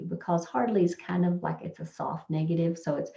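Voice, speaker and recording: Patient woman tutor, mellow low voice, lo-fi roomy sound. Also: fairly even intonation, a little fast, gravelly, hardly any pauses. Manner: plain, patient, thinks aloud with fillers. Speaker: test prep teacher. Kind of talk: explaining grammar over slides. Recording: echoey, dull lo-fi room recording.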